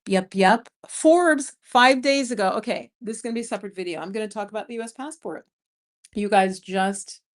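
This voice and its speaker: A woman, hosting a casual livestream, chatting and laughing as she reads viewer comments. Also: mid-range voice. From New York City. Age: 50s. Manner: chatty, animated storyteller who laughs often. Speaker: vlogger and livestream host. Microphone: streaming mic.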